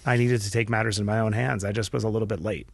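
A middle-aged man, a podcast guest, telling a candid personal story earnestly and with feeling, often restarting his sentences and dropping his voice quietly. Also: lowish voice, steady tone, fast talker, gravelly, no echo. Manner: earnest and emotional, with frequent restarts and quiet dips.

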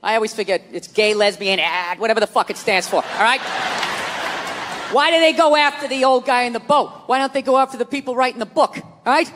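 A man doing a stand-up comedy rant with profane, exasperated delivery and bursts of shouting, on a live stage in front of a loud audience. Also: very high-pitched, fairly quick, in a large hall, a little hiss or hum.

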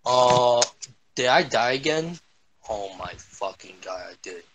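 A young man swearing and yelling his way through a shooter game as a gaming streamer. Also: medium pitch, expressive, measured pace, slight background noise. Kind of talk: angry gameplay commentary.

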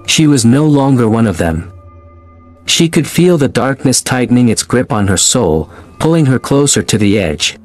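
A man narrating a scripted horror story in a measured, dramatic way. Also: medium pitch, big pitch swings. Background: faint music.

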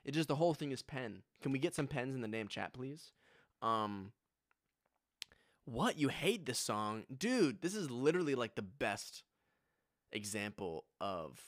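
A man's voice: mid-range voice, big pitch swings, a little slow, no room sound, studio quality. A young man with a Southern US accent, streaming a casual music reaction with joking, rambling asides. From United States.

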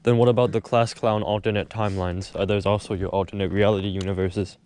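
A young man filming his friend outdoors, teasing him with deadpan news-anchor quips. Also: on the low side, quick pace, clear, resonant tone. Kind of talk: teasing vlog banter. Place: outdoors in the snow.

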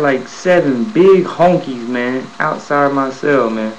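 Animated man telling a story. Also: medium pitch, slow, dull audio, slight background noise. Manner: animated, profane, re-enacts scenes. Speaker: vlogger telling a prison story. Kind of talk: casual storytelling.

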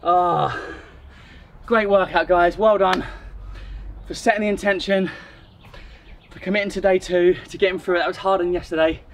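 A man's voice: high voice, steady tone, a little fast, slight background noise. A man with a British accent, out of breath, coaching a home workout and calling out moves with energy. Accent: British English. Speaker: fitness coach. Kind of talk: workout instruction.

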